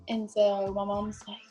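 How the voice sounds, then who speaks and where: A woman's voice: mid-range voice, mellow. A young woman, a podcast guest telling a story casually with many fillers.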